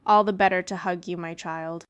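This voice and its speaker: Sly flattering wolf for a storybook reading, read by a woman; smooth and coaxing. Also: on the low side, moderate pace, lightly acted.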